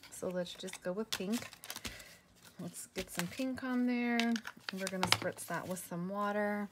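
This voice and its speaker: A woman's voice: mid-range voice, a little slow, background noise. A woman chatting her way through a craft tutorial, self-deprecating, with many fillers and restarts. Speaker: craft video host. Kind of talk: casual craft tutorial narration.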